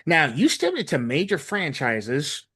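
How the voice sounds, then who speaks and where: Lively, playful male podcast host. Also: on the high side, unhurried, breathy edge. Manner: playful, joking, animated. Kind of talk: casual interview chat.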